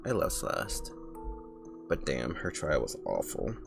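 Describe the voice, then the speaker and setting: Young male vtuber with a very low voice, chatty and rambling over faint background music. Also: wildly swooping pitch, slow, gravelly. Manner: rambling, full of filler "like"s and restarts. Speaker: vtuber streamer. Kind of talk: casual chat while drawing on stream.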